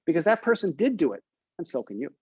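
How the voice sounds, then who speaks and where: A man's voice: on the high side, sing-song, fast talker, a little mellow, breathy edge, no echo, highs cut off. A man coaching real estate agents on a group video call, encouraging them and asking them questions. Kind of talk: coaching session talk.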